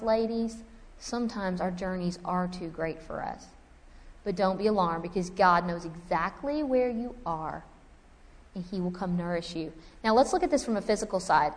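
A woman preaching to a women's gathering, telling a personal story with lively acted-out dialogue and self-mocking humor, then reading scripture. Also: mid-range voice, normal speed, long reverb tail.

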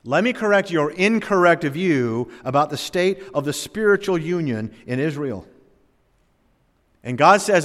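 A man delivers a sermon from the pulpit, his voice sitting a little high. He swings between forceful emphasis and hushed drops. The sound trails off in a long church reverb. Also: animated, a little slow. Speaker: pastor. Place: church sanctuary.

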